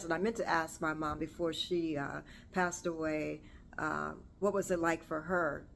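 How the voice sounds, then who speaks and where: Host, woman, 40s, low-pitched, chatty solo vlog, meandering and self-correcting, faint room noise. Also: a bit bright. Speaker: podcast host. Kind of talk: casual solo talk to camera. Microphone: camera or phone on self.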